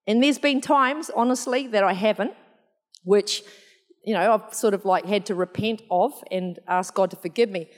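A woman telling a story in a sermon, chatty and animated, laughing often. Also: medium pitch, moderate pace. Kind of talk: sermon testimony. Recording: long hall reverb.

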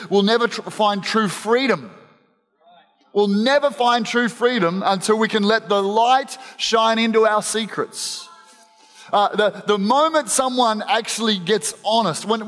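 A man's voice: high-pitched, a bit bright. A pastor giving a sermon, earnest and emphatic, often restarting his sentences and dropping in playful asides. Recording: long hall reverb.

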